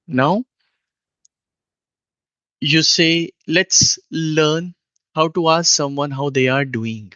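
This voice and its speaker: A man teaching a beginner language lesson, speaking slowly and patiently and repeating each phrase for the listener to copy. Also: a little high, sharp tone, no room sound. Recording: dull lo-fi dry sound.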